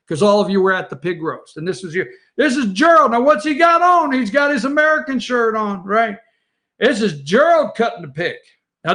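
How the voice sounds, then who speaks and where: A man's voice: high-pitched, a bit bright. A man hosting a morning show, telling rambling family stories over old photos and chatting straight to his viewers.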